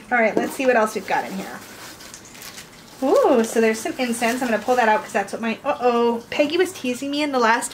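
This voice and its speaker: A woman hosting a casual unboxing video at home, excitable and giggly, slipping into a sing-song voice. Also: on the high side, a little hiss or hum, low-quality recording. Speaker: tarot reader and video host.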